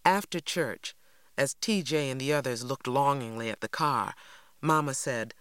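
A man reading a first-person story aloud with steady, expressive narration. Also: mid-range voice, measured pace, dry recording, clean studio sound. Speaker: audiobook narrator.

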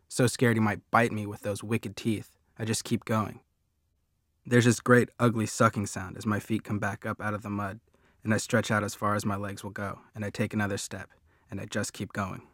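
A man narrating a first-person audiobook in a steady, plain storytelling manner. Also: lowish voice, no room sound, clean studio sound.

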